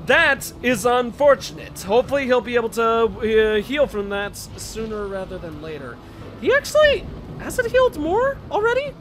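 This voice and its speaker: Guy narrating a colony game, super high voice, jumps all over the place, faint music behind. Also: moderate pace. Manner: excitable, shouts orders at the game characters, self-deprecating. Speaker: game let's-play host. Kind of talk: casual gameplay commentary.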